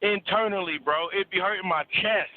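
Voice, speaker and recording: Over a tinny, phone-like line with no room sound, a high-voiced man speaks at a moderate pace about relationships in a casual call. He's blunt and preachy, cursing and repeating words for emphasis.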